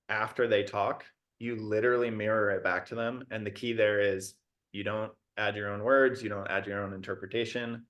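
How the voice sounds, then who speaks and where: A man with a lower voice speaks as a podcast guest who coaches and mediates conflict. He lays out his method in a practical, step-by-step way, pausing on fillers as he goes. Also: fairly bright tone. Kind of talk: casual podcast conversation.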